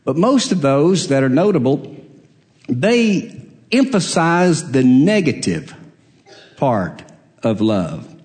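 A man's voice: mid-range voice, very animated, slow, long pauses, a little mellow. A man preaching a sermon, emphatic, repeating his phrases and asking rhetorical questions.

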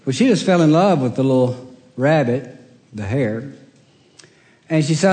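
A man's voice: fairly high pitch, expressive, a little slow, long pauses, mellow. An older man, a pastor telling homespun jokes and family stories in a sermon. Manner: homespun joke-telling, chuckles at own punchlines. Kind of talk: sermon with folksy storytelling. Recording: long reverb of a church hall.

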